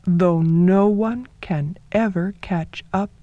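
A woman narrating a folktale in a soft, measured storytelling manner, sometimes dropping to a whisper. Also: on the low side, no room sound, narrow, tinny audio.

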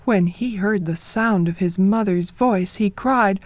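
A woman narrating a folktale in a soft, measured storytelling manner, sometimes dropping to a whisper. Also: medium pitch, dry recording.

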